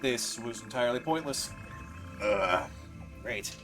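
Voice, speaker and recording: A man's voice: medium pitch, slow pace. A man streaming a building game, muttering casual commentary with swearing and self-deprecating asides. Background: game music.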